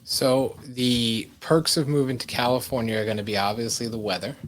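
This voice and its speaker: A man hosting a podcast, putting brief questions and quick reactions to his guest. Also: mid-range voice, fairly even intonation. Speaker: podcast host. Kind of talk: interview questions.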